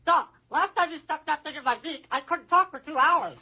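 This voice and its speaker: A woman's voice: sits high, fairly quick, pushed and bright, heavily acted. A woman voicing a cheeky, wisecracking pet parrot that talks back indignantly. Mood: suspicious. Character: cheeky sassy pet parrot, quick comebacks.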